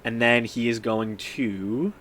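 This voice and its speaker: A man running a tabletop game as game master, relaxed and peppered with fillers and small laughs. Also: mid-range voice, slow, slight background noise. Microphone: streaming microphone.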